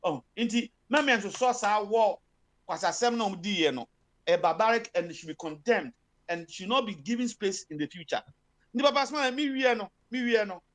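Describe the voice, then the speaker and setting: Ghanaian accent, political commentator, impassioned, code-switching, filler-heavy, mid-pitched. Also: expressive, moderate pace, fairly bright tone. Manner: mixes Twi and English, heavy fillers, emphatic.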